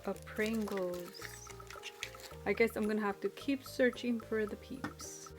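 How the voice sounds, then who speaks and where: A woman narrating a toy unboxing in a chatty, excitable way. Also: medium pitch, slow, over loud music. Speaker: toy channel host.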